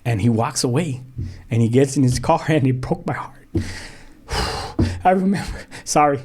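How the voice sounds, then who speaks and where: A man's voice: mid-range voice, animated, a little slow, pauses often, darkish tone, husky. A middle-aged man from South Central Los Angeles speaks as a pastor sharing his testimony on a podcast. He tells the story in an easygoing, conversational way, often saying "you know". He acts out the back-and-forth of what people said. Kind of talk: personal testimony in a podcast interview.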